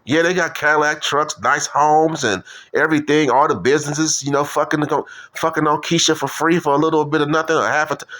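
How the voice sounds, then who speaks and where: A man's voice: a little high, fairly even intonation, fairly quick, hardly any pauses, bright, forceful tone. Profane rambling man. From Detroit. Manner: profane, repetitive, street slang. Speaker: video commentator. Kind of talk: rambling casual monologue.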